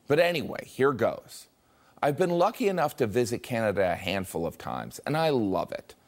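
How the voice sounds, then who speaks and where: An American man giving scripted comic commentary, wry and deadpan, with mock-voiced asides. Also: medium pitch, moderate pace. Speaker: comedy commentator.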